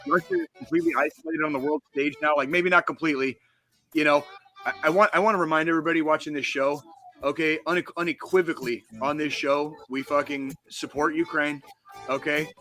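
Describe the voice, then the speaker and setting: Man, podcast co-host, bright forceful tone, fast swearing rants, music faint behind. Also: fairly high pitch. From United States. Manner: profane, heated ranting. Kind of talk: casual podcast chat.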